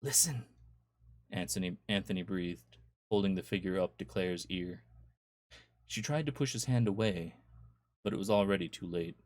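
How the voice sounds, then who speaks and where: Low-voiced man reading a horror story. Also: darkish tone, no echo. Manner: measured, storytelling. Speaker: author reading his own stories.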